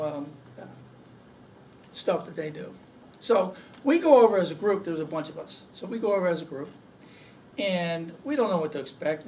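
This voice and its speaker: A man telling a story to a group, halting often on fillers. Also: on the high side, darkish tone. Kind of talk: casual storytelling. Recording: distant mic, faint background noise.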